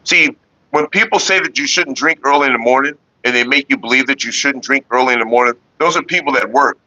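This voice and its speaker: With a mid-range voice at a quick pace and no room sound, a man fields viewer questions on his casual Northern California vlog. He rambles, swears, and stays laid-back while discussing staying calm, all on a dull lo-fi recording.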